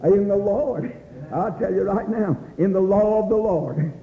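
A man preaching a fervent revival sermon, crying out praise, repeating "my dear friend," and rising into shouts. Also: high voice. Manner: rises into shouts and slows for emphasis. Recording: dull, echoey hall recording.

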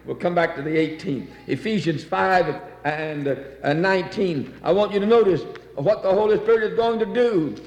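A man preaching a sermon in church, fervent, climbing to near-shouts at his high points. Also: normal speed, hardly any pauses, reverberant, long reverb tail, dull audio.

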